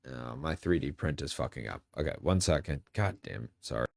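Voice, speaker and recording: A young man casually commenting on football games during a live stream, rambling and jokey, with sudden excited yells at big plays. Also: rumbling low, moderate pace, gravelly.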